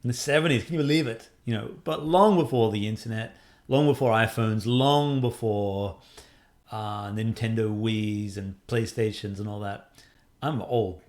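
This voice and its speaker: A man's voice: lowish voice, moderate pace, darkish tone. Chatty middle-aged game developer man. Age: 40s. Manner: chatty, self-deprecating, rambling with many fillers. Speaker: indie game developer answering fan questions. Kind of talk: casual Q&A monologue.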